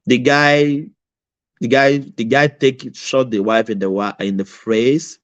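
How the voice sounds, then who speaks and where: A man's voice: medium pitch, fairly even intonation, slow, dry recording. A man hosting casual commentary, hesitant with many fillers. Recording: dry, dull lo-fi mic.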